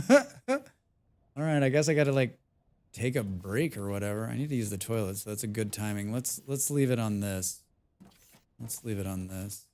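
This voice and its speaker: A man's voice: lowish voice, lively intonation, normal speed, darkish tone. A man casually commentating his own game stream from home, muttering, humming and swearing as he plays.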